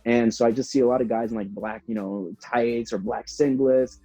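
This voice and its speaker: A young man, a professional wrestler telling stories in a casual interview, animated and full of fillers. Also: mid-range voice, normal speed, no echo. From Puerto Rico. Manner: animated, acts out voices, many fillers. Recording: dull slightly lo-fi sound, faint music.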